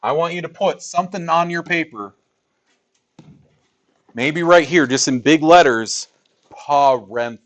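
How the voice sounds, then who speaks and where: A man's voice: a little high, a little slow, long pauses, fairly bright tone. Casual man teaching a math class. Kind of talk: classroom lecture.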